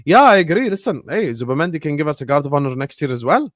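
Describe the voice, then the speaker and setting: A man's voice: on the high side, very animated, fast talker, no room sound, studio quality. A man hosting a football talk stream, teasing his co-host and reading out viewer comments, swearing freely.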